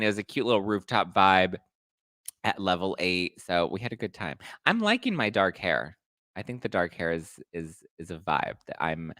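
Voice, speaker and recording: Male pop culture host, lower register, playful gossipy delivery, dry close mic. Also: no echo. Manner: chatty, animated, playful gossip. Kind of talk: casual livestream chat.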